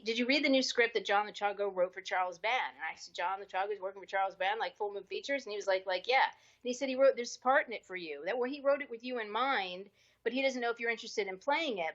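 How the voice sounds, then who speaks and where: A woman of middle pitch tells a story in a podcast interview, animated and chatty, jumping into little voices whenever she quotes someone. The audio is slightly dull and muffled, like a modest home podcast setup. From US East Coast. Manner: lively, acts out quoted dialogue with shifting voices. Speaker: actress, podcast guest.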